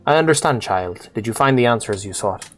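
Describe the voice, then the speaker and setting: A man voicing a calm, wise elderly male guildmaster, speaking slowly and formally while reading game dialogue aloud. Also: medium pitch, close to an everyday voice. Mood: gentle, solemn. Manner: slow, formal, solemn speech.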